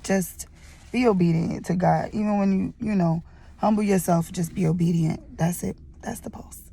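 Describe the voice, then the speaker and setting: Chatty, gravelly young woman, tearful. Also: fairly low pitch, steady tone, normal speed, mellow. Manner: rambling, chatty storytelling with many fillers. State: tearful, fighting back tears. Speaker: vlogger sharing a testimony. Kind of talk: emotional personal testimony vlog. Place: indoors at a gym.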